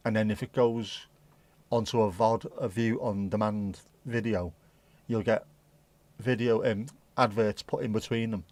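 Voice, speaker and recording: A man chats on his livestream in a mid-range voice, rambling and thinking out loud between comments to viewers. The sound is dry and close, with no room around it. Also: mid-range voice, no room sound. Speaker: livestream host. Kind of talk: casual livestream chat.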